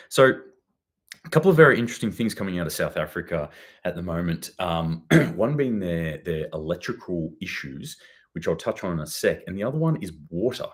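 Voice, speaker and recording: A man's voice: deep voice, very animated, moderate pace, fairly bright tone. A young man hosting a preparedness news show in casual, rambling commentary, his voice a bit worn from a recent cold. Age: young adult. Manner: rambling, swears casually, self-deprecating asides. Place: chilly new home office.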